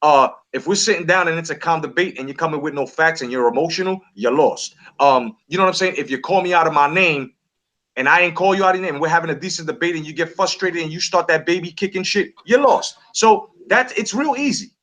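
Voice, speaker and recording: Brash bright-voiced man hosting a chat. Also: fairly high pitch, quick pace. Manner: brash, streetwise, swears freely. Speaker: podcast host. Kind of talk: casual chat.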